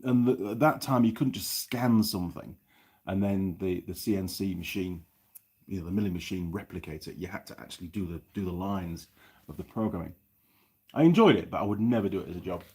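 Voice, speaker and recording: A man's voice: low-pitched, a little fast, darkish tone, slightly rough. A middle-aged man with a New Zealand accent, chatting casually on a live stream from his workshop and reading viewer comments aloud as he rambles. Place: home workshop.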